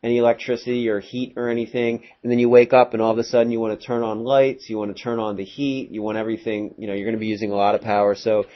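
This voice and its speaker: A male math teacher giving a casual classroom lecture, rambling a little with fillers and quick asides to his students. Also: fairly low pitch, level tone. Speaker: high school math teacher. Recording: dull lo-fi classroom recording.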